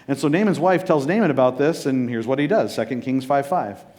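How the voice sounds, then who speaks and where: A man's voice: mid-range voice, animated, brisk, a little mellow. A man preaching a sermon as pastor, casual and joking, often checking in with his listeners.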